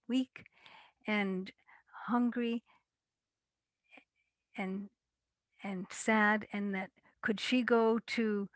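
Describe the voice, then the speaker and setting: A woman storyteller telling a folktale in a measured, deliberate way. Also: mid-range voice, no room sound.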